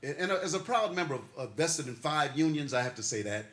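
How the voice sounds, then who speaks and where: In an echoey ceremony hall with faint background noise, an older man gives a heartfelt, emotional acceptance speech at an awards ceremony. His voice is on the high side, expressive, brisk and a little bright. He laughs as he talks and builds his points with repeated, preacher-like phrases.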